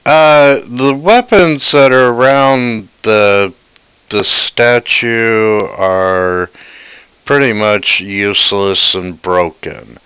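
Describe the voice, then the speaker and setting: A man narrating as game master of a tabletop game, unhurried and hesitant, with many pauses and fillers. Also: on the low side, fairly bright tone, clean tone, dry recording.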